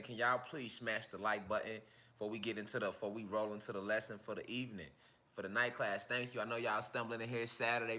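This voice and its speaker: Bright-voiced man giving a slangy lecture. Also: mid-range voice. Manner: slangy, repetitive, emphatic street talk. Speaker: online spiritual teacher. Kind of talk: casual livestream lecture.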